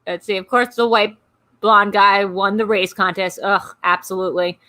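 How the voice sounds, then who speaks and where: A woman hosting a live stream, chatting casually and ranting in quick asides. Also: mid-range voice, fairly even intonation, pushed and bright. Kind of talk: casual chat.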